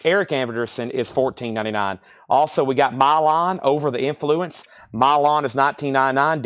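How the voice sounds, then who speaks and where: A man's voice: on the high side, a bit bright. A young man hosting a live vinyl sale stream, chatting casually and rambling while reading out titles and prices.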